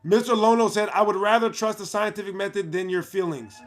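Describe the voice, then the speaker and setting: A man's voice: high voice, steady tone, faint music behind. A man hosting a live stream, reading viewer comments aloud with playful asides and frequent laughter. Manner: playful, breaks into laughter, quick asides to chat. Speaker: livestream host.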